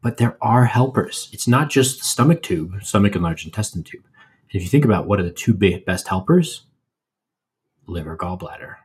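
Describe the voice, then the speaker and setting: Husky low-voiced man explaining casually. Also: normal speed. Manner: relaxed, explanatory, playful asides. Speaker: podcast co-host. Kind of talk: casual educational chat.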